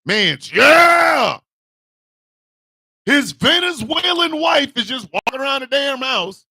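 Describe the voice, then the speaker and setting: A man ranting comedically as a show host, loud and animated with shouted bursts. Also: very high voice, takes it slowly, dry recording, clean studio sound. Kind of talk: comic rant.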